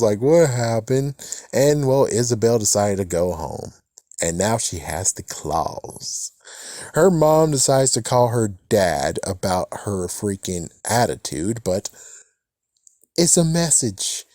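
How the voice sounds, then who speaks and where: Male reviewer, low voice, loose and profane, casual recap with frequent chuckles. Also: dark tone, dry recording, clean studio sound. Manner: rambling, swears casually, chuckles often. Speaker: TV episode reviewer.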